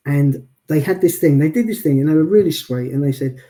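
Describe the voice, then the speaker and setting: A man telling stories as an interview guest, chatty and deadpan, often adding "I'll be honest with you.". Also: fairly high pitch, fairly quick. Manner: self-described sarcastic and deadpan, frequent "I'll be honest with you"; chatty storyteller with many restarts. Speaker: guest, wheelchair athlete. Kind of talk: casual interview chat.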